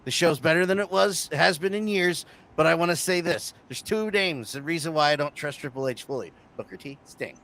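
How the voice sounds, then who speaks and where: A man co-hosting a casual wrestling talk show, heated and swearing, swinging from loud to quiet. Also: fairly high pitch, a little fast, hardly any pauses. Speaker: podcast co-host.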